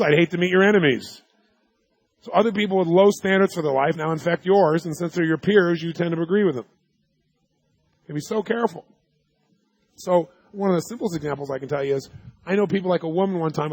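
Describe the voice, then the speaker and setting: Speaking fast in a voice on the high side, a seminar presenter gives a live talk in a dry recording. He tells stories emphatically and poses yes-or-no questions to the audience.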